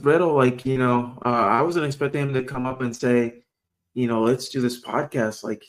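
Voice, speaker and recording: A man who hosts a small podcast, chatting casually and telling an excited story with many false starts. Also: medium pitch, moderate pace.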